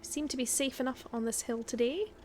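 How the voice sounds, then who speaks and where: A woman's voice: high voice, fairly quick, darkish tone, slight background noise. A woman streaming a survival game from home, chatting and thinking aloud in a put-on Scottish accent and poking fun at herself. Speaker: guest streamer. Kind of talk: casual gameplay commentary.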